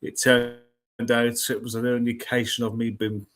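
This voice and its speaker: A man's voice: mid-range voice, flat delivery, moderate pace, a bit bright. A man hosting a casual weather live stream from home, chatty and self-mocking, greeting viewers one by one. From United Kingdom. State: just over a cold. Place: home room with cats and laptop. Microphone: laptop live stream.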